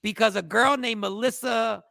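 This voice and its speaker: A man with a high, gravelly voice talks in a casual chat and tells his stories with lots of animation. His tone is bright and forceful, and now and then he bursts out in a shout. The recording is dry and close. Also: steady tone, normal speed, no room sound. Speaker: podcast co-host.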